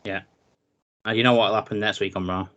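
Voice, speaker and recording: A man, co-hosting a casual wrestling chat, running through a match card with animated, jokey asides. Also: lowish voice, brisk. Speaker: podcast co-host.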